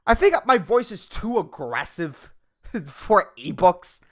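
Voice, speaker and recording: Comedian guy on his own podcast, goofy aggressive delivery, pitch jumps all over, swears a lot. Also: big pitch swings, slow pace. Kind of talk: casual solo podcast talk.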